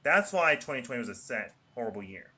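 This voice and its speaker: A man's voice: mid-range voice, big pitch swings, fast, bright, forceful tone. A man chatting casually on a podcast as a regular, rambling in plain statements with hesitant fillers. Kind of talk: casual chat.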